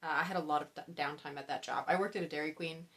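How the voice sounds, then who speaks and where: A woman's voice: sits low, fairly even intonation, quick pace, a bit bright. A young woman chatting casually about books she loves, rambling into side stories and laughing at herself. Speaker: book vlogger. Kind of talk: casual book-tag chat.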